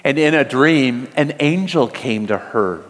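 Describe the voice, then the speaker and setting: Male preacher, slow deliberate delivery, earnest emotive storytelling, long hall reverb. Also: medium pitch, expressive. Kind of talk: sermon storytelling.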